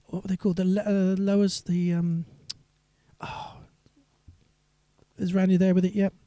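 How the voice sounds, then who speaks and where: A man's voice: high voice, level tone, normal speed, dark tone, dry recording. A singer-songwriter man chatting on a live stream between songs, rambling and reading viewer comments aloud.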